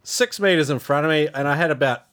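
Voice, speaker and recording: A man's voice: fairly high pitch, quick pace, a bit bright. A man telling a story in laid-back casual chat, swearing freely and laughing along.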